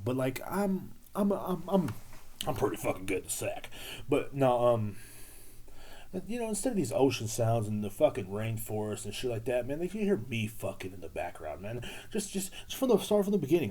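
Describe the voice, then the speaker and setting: A young man rambles through a crude comedic podcast monologue, circling back on himself with fillers and repeated phrases. His voice is mellow and warm at an ordinary middle pitch. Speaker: podcast host.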